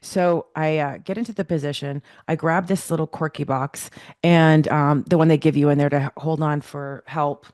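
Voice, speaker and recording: A middle-aged woman telling a personal story as a podcast guest, animated and acting out the dialogue she remembers. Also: sits low, normal speed, no echo, clean studio sound.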